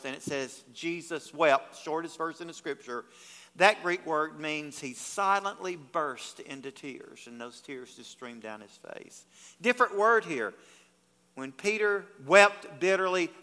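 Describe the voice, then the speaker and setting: A man preaching a sermon as pastor, retelling scripture with acted quotes and swinging from hushed to loud. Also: high voice. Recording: long hall reverb.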